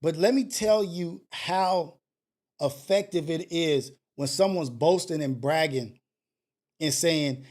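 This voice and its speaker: A man hosting a live call-in stream, talking casually and preachily, swinging between loud scolding and low murmurs. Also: takes it slowly. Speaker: host of a live call-in show.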